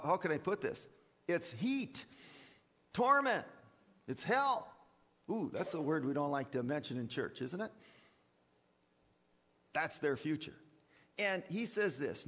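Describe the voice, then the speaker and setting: A man preaches with a voice that rises and falls widely, pushing hard on key words and stumbling over repeated starts. His sarcastic asides drop low before he climbs back up. The church hall gives his voice a long echo. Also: fairly bright tone. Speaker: preacher and college teacher. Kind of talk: sermon.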